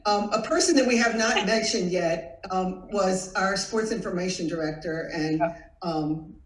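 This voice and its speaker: A woman's voice: mid-range voice, measured pace, recorded from a distance. An older woman and former college basketball player, telling a story about herself with a laugh. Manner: self-mocking, laughing storyteller. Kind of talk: reminiscing conversation. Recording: roomy echo.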